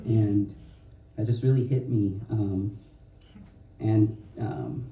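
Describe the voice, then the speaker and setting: A young man, a student poet, reading his poems aloud in a slow, measured way with pauses, and chatting hesitantly between pieces. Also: on the low side, fairly even intonation, highs cut off. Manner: hesitant filler-heavy asides between poems. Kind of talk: poetry reading. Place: event hall with audience. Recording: roomy hall, mic far off.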